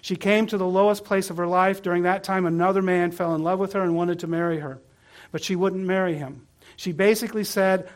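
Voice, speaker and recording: A pastor preaching a sermon, earnest and asking the congregation questions. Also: male voice, high-pitched, fairly even intonation, brisk.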